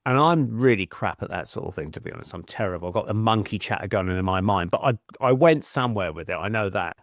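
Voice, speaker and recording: A man's voice: on the low side, animated, fast talker, no room sound, studio quality. A middle-aged man, a podcast guest telling chatty anecdotes and acting out quoted voices. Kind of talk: casual storytelling.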